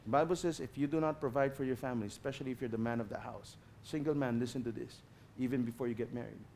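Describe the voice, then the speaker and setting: A man's voice: medium pitch, quick pace, vocal fry, slight background noise. Passionate Filipino preacher man. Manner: passionate, swings between loud emphasis and quiet asides; mixes in Tagalog phrases. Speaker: guest pastor. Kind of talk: sermon.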